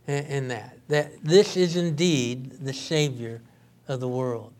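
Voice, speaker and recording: A male pastor preaching a sermon in an earnest way, often halting and restarting his sentences. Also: mid-range voice, darkish tone.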